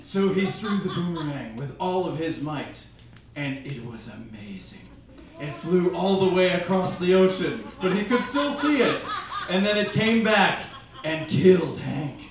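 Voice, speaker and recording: A man's voice: high-pitched, animated, a little slow, background noise. A man narrating a live improv comedy story in a storybook manner. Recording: echoey hall, distant mic, laughing crowd.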